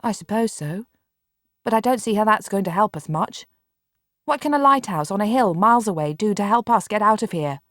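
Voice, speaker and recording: A woman's voice: mid-range voice, expressive, brisk, dry recording, studio quality, close to an everyday voice. Curt bedridden boy read by a woman. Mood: impatient. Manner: curt, exasperated. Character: bedridden boy, impatient and grudging. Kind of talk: audiobook character reading.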